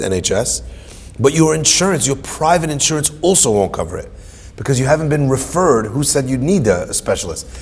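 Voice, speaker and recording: A man's voice: mid-range voice, breathy edge, big-room sound. A man, a rabbi, telling a personal story in sermon style and acting out the dialogue. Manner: animated, acts out dialogue in quotes.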